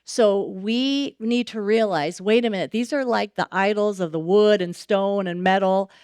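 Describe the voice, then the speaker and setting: Smooth-voiced woman preaching, close and dry. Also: medium pitch, moderate pace, dry recording. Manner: conversational, animated preaching with asides. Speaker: guest speaker. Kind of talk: sermon. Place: church.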